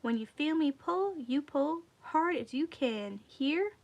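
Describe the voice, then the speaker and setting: A woman's voice: sits high, animated, takes it slowly, lo-fi sound, heavily acted. A woman voicing a small, boastful male rabbit trickster who talks in a folksy, wheedling way. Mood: bossy. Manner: folksy dialect, wheedling and cocky.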